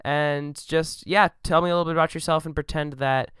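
A man hosts a casual podcast interview in a smooth, resonant voice recorded dry and close. He is chatty and easygoing, often stopping to add fillers or restart a sentence. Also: on the high side, steady tone, brisk, a bit bright, dry recording. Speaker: podcast host.

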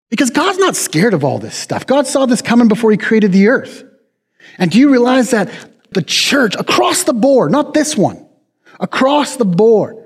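High-voiced preacher in a reverberant hall. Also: male voice, slightly rough. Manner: conversational preaching, folksy, self-deprecating. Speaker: pastor. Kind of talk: sermon.

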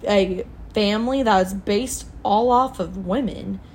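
A young woman with an ordinary mid-range voice talks through celebrity gossip with a friend. She's chatty and animated in her storytelling, with a faint hiss under the recording. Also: medium pitch, measured pace. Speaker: podcast co-host. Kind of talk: casual chat.

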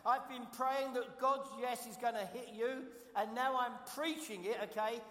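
London guest pastor, high voice, emphatic preaching style, big reverberant church sound. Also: male voice, fairly even intonation, normal speed, sharp tone. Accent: London English. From London, England. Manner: emphatic, repeats key phrases, asks the congregation questions. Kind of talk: preaching a sermon. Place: church sanctuary. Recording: echoey hall, long reverb.

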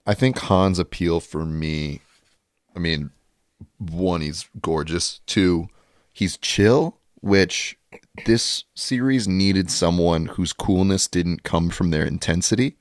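A man with a very deep voice chats casually about a film, relaxed and joking. He is recorded close and dry. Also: takes it slowly, no room sound. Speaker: podcast co-host.

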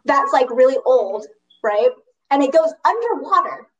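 Chatty high-voiced teen girl, slightly off-mic. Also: unhurried, distant mic, dull audio. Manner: animated, lots of "like", laughs mid-story. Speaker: storyteller recounting a school trip. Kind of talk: casual storytelling chat.

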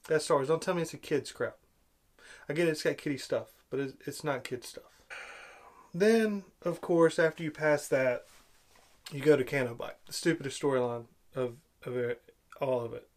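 A man giving a casual, opinionated film review, sarcastic and exasperated, with big swings in loudness. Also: fairly high pitch.

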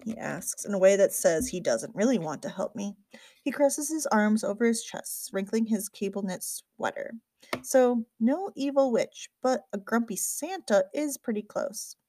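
A woman narrating a first-person audiobook with a lively, wry storytelling manner. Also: mid-range voice, measured pace, no room sound.

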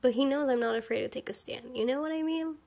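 A woman's voice: high-pitched, fast talker, darkish tone. A young woman hosting a solo podcast, talking in a frank, opinionated, casual way with lots of fillers and laughs. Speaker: podcast host.

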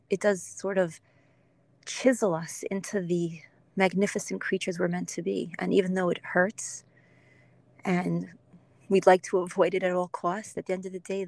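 A woman hosting a podcast, talking in an earnest, gentle and encouraging way in a heartfelt interview. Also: on the low side, gravelly, dry recording. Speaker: podcast host.

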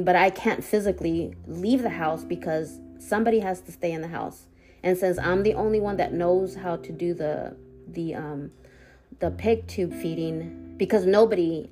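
A woman hosting a personal podcast as a family caregiver, talking in halting sentences full of fillers and restarts. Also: fairly low pitch, darkish tone. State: near tears, voice rising and breaking.

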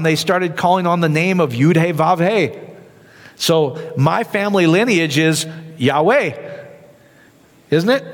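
Lively male pastor with a high, swooping voice, peppers his sermon with questions, reverb from a big hall. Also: gravelly. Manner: animated, asks the crowd rhetorical questions.

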